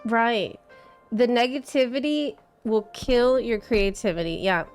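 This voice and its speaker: A woman's voice: fairly high pitch, lively intonation, unhurried, soft background music. A woman streamer chatting casually and laughing as she plays through a game. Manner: chatty and giggly, reacts to the game. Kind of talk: casual gameplay commentary.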